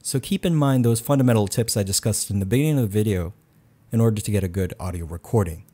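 Man with a low announcer-style voice. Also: fast talker, dark tone. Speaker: YouTube tech reviewer. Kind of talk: tutorial voice-over. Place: quiet home room. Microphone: close condenser mic.

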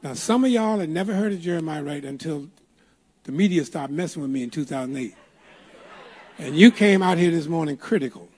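A man's voice: a little high, brisk, darkish tone, breathy edge. An older man preaching a sermon in a church, telling a folksy story with emphatic, playful delivery. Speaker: pastor. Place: church sanctuary.

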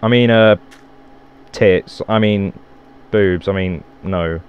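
Jokey man with a deep voice. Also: slow, smooth, muffled recording. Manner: rambling, jokey, swears and exclaims. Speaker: Minecraft let's player. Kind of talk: casual gameplay commentary.

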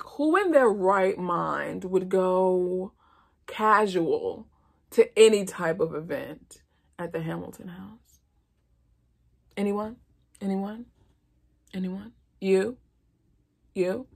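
A woman hosting a casual movie review vlog, chatty and expressive with animated asides. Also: medium pitch, creaky.

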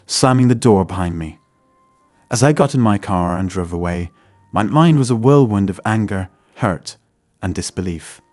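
Male narrator, low and dry, measured scripted storytelling over soft music. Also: dry recording. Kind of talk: scripted first-person narration.

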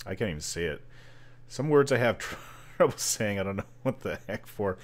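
A man's voice: sits low, very animated, normal speed. A Canadian man from British Columbia casually narrating his online game session, rambling and joking at himself as he stumbles over words. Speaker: gamer. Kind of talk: casual gameplay commentary.

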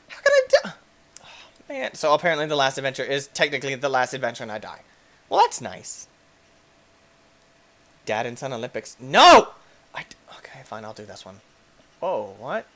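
Excitable young man playing a game. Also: medium pitch, a little hiss or hum. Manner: excitable, yelps and shrieks at in-game deaths. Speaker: gaming YouTuber. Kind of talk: let's play commentary.

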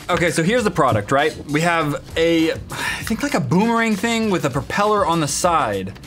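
A young man hosting a casual comedy vlog, reviewing products in a goofy, excitable, jokey way. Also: high voice. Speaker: host.

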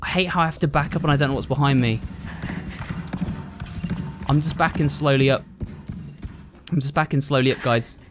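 A man's voice: medium pitch, normal speed, long pauses, background noise. A man commentating on a horror game, frightened and jumpy, talking to his viewers. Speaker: gamer.

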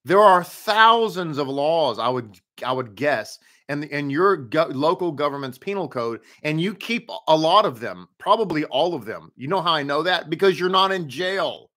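A man's voice: fairly high pitch, animated, moderate pace, few pauses, bright, forceful tone. A man, a rabbi leading a live-streamed daily Torah study, chatty and upbeat, putting rhetorical questions straight to his viewers and greeting them by name.

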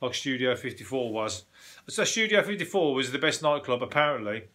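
A man hosting a solo comedy podcast, riffing on news stories in a deadpan, sweary manner with quick laughs. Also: mid-range voice. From United Kingdom.

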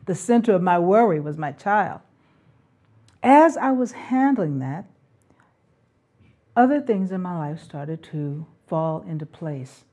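A middle-aged woman speaking about parenting as a spiritual calling. She talks unhurriedly, her voice dark and mellow. Her tone stays earnest and reflective, with the odd soft laugh. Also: fairly low pitch, animated, slow pace, pauses often. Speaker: parenting talk host.

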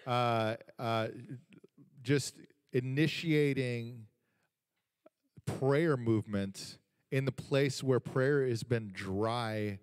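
A man in the role of a pastor introduces a guest and prays over him, halting and earnest, with frequent fillers. His pitch sits at a middling level, the voice itself is close and dry, yet a long hall reverb surrounds it. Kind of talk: introduction and spoken prayer. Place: church sanctuary.

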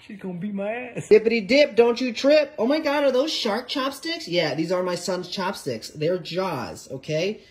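A woman comedian cooking in her home kitchen, giving loud, exclaiming, profane running commentary. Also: mid-range voice, animated, normal speed, hardly any pauses.

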